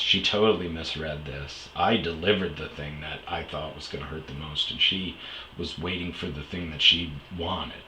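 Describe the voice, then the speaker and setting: Male podcast storyteller, low and bright timbre, frank and foul-mouthed. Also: steady tone, normal speed, roomy sound, slight background noise, rough recording. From Wisconsin. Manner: blunt, profane, candid. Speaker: podcast host. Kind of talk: storytelling monologue.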